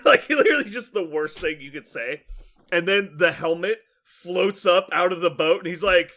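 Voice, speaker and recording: Animated, laughing man recapping a story. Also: sits high, normal speed. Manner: animated storyteller, acts out lines, laughs often, many fillers. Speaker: podcast host. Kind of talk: casual chat, recapping a cartoon plot.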